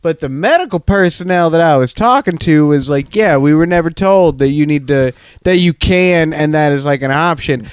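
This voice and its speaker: A man's voice: on the high side, normal speed, hardly any pauses, clean tone, no echo. Young Southern man, podcast co-host, rambling and profane; clean, close, dry sound. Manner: rambling, profane, many restarts. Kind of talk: casual crude chat. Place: living room couch.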